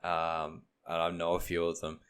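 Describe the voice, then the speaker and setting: A man's voice: deep voice, completely flat delivery, normal speed, a bit bright, clear, resonant tone. A young man, co-hosting a casual podcast and retelling stories with acted-out quotes. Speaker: podcast co-host. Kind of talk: casual chat, storytelling.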